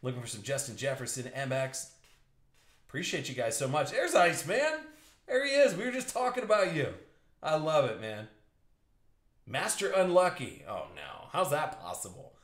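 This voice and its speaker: A man's voice: medium pitch, sing-song, moderate pace. Upbeat man hosting a live card break. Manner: upbeat, jokey banter with chat viewers. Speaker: box break host. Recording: echoey room with faint noise.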